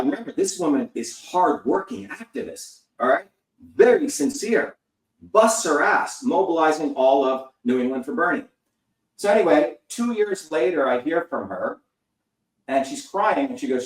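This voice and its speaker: A man's voice: a little high, sing-song, moderate pace. A man in his fifties, a guest in an interview, talking in an emphatic, profane, lecturing way. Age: 50s. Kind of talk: heated interview talk. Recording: roomy sound, distant from the mic.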